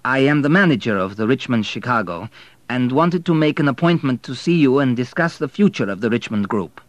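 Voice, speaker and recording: A nervous, earnest young hotel manager in an audiobook, voiced by a man. The voice sits well above the reader's own low register and presses eagerly. Close, dry recording. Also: expressive, fairly quick, no echo, lightly acted.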